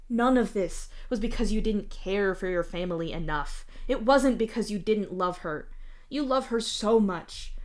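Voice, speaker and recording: A woman streamer reading fan fiction aloud live, in steady narration with the odd small restart. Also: mid-range voice.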